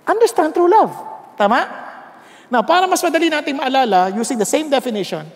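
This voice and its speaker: A man with a Filipino accent preaching a sermon as a pastor, animated and mixing Tagalog with English while calling on the congregation to repeat after him. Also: extremely high pitch, fast talker, in a large hall.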